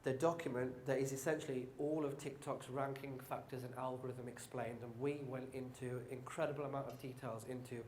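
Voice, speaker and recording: A man with a Brummie accent giving a lively, joking marketing talk to a live conference audience, addressing the crowd directly. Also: mid-range voice, a little fast, hardly any pauses, a little hiss or hum. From England. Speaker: conference speaker. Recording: roomy hall sound.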